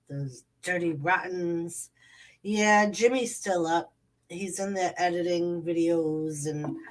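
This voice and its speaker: A woman's voice: on the low side, far from the mic. A woman, chatting casually on a late-night livestream and greeting viewers by name. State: stuffy nose. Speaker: channel host. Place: home at night.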